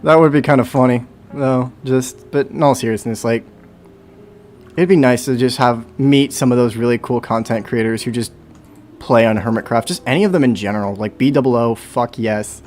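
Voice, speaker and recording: A man's voice: mid-range voice, moderate pace, a little mellow. A young man chatting casually on a livestream while playing, rambling and talking to himself. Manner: rambling, self-talk with hums and sound effects. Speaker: streamer.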